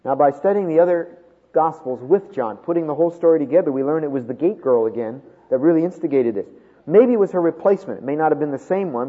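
A man preaching a sermon, with dramatic swings from loud emphasis to hushed tones. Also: on the high side, animated, a little fast, breathy edge. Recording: tinny phone-like sound with long hall reverb.

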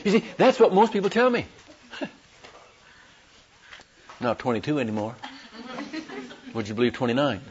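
A man preaching a sermon as a traveling evangelist, telling animated stories with folksy humor. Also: mid-range voice, moderate pace, long pauses, slight background noise. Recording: dull lo-fi recording.

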